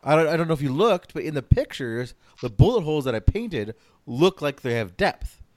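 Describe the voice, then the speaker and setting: A man's voice: fairly high pitch, big pitch swings, brisk, no room sound. Man rambling casually, dry close mic. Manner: rambling, swears freely. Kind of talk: casual chat.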